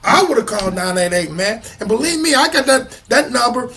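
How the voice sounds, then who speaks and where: A man's voice: very high-pitched, big pitch swings, a little fast, creaky, bright, forceful tone, a little hiss or hum. A man co-hosting a talk show, speaking from the heart and ending most phrases with "man". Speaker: co-host. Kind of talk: casual talk show chat.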